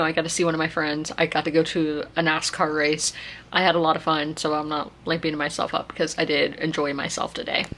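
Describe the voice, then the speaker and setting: A woman's voice: on the low side, a bit bright, a little hiss or hum. A woman, chatting casually in a rambling vlog. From South Carolina. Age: 20s. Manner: rambling, chatty, many fillers and restarts. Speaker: vlogger.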